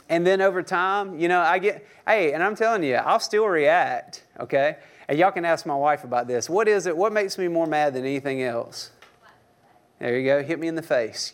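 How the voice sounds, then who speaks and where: A young adult male pastor preaching a sermon in a church, talking with the congregation in a loose, joking way and firing questions at them. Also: a little high. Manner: conversational, joking, asks the audience questions.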